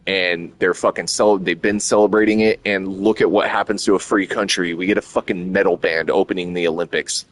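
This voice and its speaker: Deep-voiced excitable man streaming. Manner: excited, profane, rambling. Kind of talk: casual chat.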